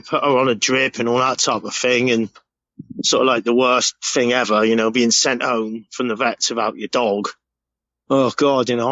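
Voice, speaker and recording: A man's voice: medium pitch, fairly bright tone, dry recording, dull audio. A middle-aged man from the UK telling a rambling, emotional story in a casual recorded message, swearing freely. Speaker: podcast segment contributor.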